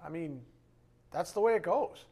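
A man teaching a bible lesson, emphatic, slowing down to read scripture aloud and dropping to quiet asides. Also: fairly high pitch, expressive.

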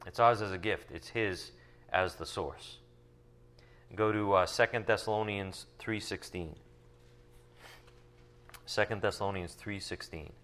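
A man teaching from the Bible, reading verses slowly and then explaining them in casual asides full of rhetorical questions. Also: fairly low pitch, a bit bright. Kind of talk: sermon teaching from scripture.

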